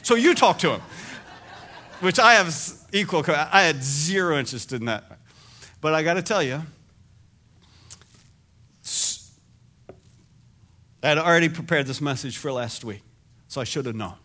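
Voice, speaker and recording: Animated bright-voiced male pastor. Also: a little high, normal speed, pauses often. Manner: animated storytelling, self-deprecating. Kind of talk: sermon.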